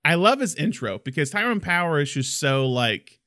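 A man's voice: on the high side, lively intonation, a little fast, pushed and bright, no room sound, clean studio sound. A man co-hosting a casual film discussion, talking enthusiastically and acting out quotes from the movie.

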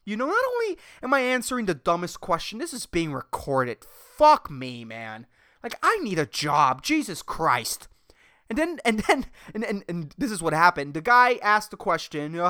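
Male podcast host, rambling profane rant, lively pitch, bright clear voice. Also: moderate pace, no room sound, studio quality. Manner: profane, rambling, exasperated ranting. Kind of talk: casual solo podcast monologue.

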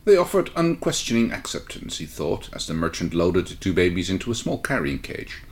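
Low-voiced man narrating a story. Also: very animated, brisk. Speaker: fan fiction reader. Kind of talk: casual read-aloud narration.

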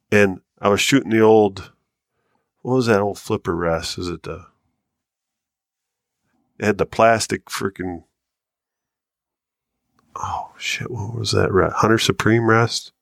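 Animated american man telling a hunting story. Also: slow, vocal fry, long pauses, dry recording, studio quality. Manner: animated storyteller, rises high and loud when acting out quotes. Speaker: podcast co-host. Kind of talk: casual storytelling chat.

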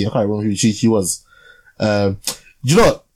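A man's voice: on the low side, fairly quick, a little mellow. A young man co-hosting a podcast, chatting casually about a film with lots of fillers and tag questions. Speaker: podcast co-host. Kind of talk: casual film review chat.

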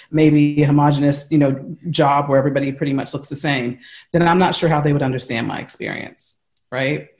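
A man's voice: on the high side, a little mellow. An American man speaking earnestly as an interview guest on a call from home, explaining at length with frequent fillers and restarts. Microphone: remote call from home.

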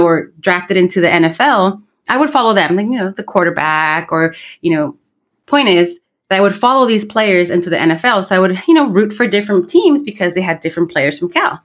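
A pregnant woman from Los Angeles, co-hosting a podcast, telling a story in casual chat and slipping into Spanish. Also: on the low side. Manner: chatty storyteller, slips into Spanish. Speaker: podcast co-host.

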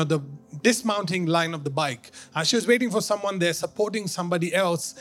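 A male pastor preaching a sermon to his church, excited and laughing, with many fillers and restarts. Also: high-pitched.

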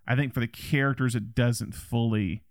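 Guy hosting a movie podcast, kinda gravelly, dry close sound, rambles a lot. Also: medium pitch, steady tone, normal speed, no echo. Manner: rambling, many restarts. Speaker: podcast host. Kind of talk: casual film chat.

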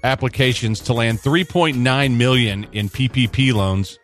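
A man's voice: mid-range voice, unhurried, a bit bright, soft background music. A man hosting a sports radio show, talking in loose casual banter with lots of restarts. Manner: rambling, frequent restarts and uhs.

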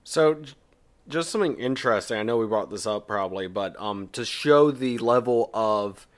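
A man's voice: fairly low pitch, animated, normal speed. A man co-hosting a casual podcast chat, laid-back and hesitant, with dry humor. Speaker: podcast co-host.

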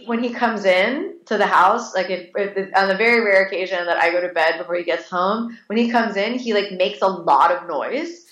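A woman in her late thirties, appearing as an interview guest, tells casual and lively stories at a moderate pace with hardly any pauses, frequently restarting and using fillers. Her medium-pitched voice has a fairly bright tone, and the space sounds echoey.

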